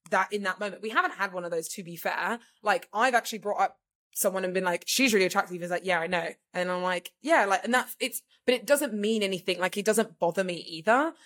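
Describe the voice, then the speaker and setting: A woman's voice: mid-range voice, fairly bright tone. Rambling woman podcaster. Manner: rambling, filler-heavy, says "like" constantly. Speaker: podcast co-host. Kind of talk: casual chat.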